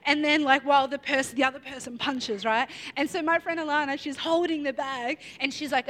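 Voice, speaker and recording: A young woman with a high voice preaches by telling a personal story. She talks in a chatty, informal way, full of fillers and tangents. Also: a little fast, fairly bright tone.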